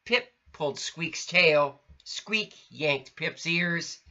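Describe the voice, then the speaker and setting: Guy reading a kids story, slow and bright, kinda dull lo-fi sound. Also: fairly high pitch. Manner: expressive, sing-song. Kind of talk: storybook read-aloud. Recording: lo-fi recording.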